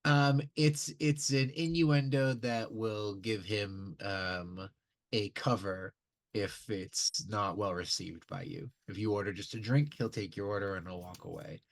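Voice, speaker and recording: A man narrating as game master, halting with many fillers. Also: on the low side, fairly even intonation.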